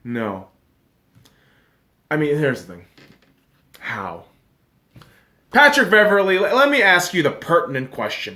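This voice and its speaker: A man hosting a podcast, ranting casually and profanely about sports, sarcastic, dropping to a mutter and then flaring into loud outbursts. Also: a little high, wildly swooping pitch, a little slow, pauses often, roomy sound. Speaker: podcast host.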